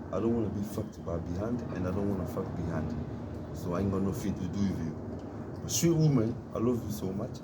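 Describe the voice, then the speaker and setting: A man from Africa with a very deep voice speaks into a phone outdoors in the cold, with plain street ambience behind him. He delivers a rambling, emphatic monologue and repeats himself to drive his point home. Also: heavy background noise. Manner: preachy, emphatic, repetitive. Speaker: vlogger.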